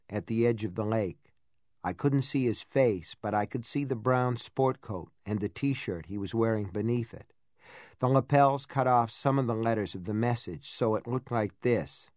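A man reading a novel aloud as an audiobook narrator, in a measured, steady storytelling manner. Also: fairly low pitch, no echo, clean studio sound. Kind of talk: scripted narration.

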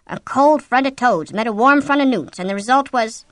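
A woman reading the lines of a young husband who jokes with his wife and then swears and shouts in anger. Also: on the high side, normal speed, no room sound, pitched above the performer's own voice, lightly acted. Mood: joking.

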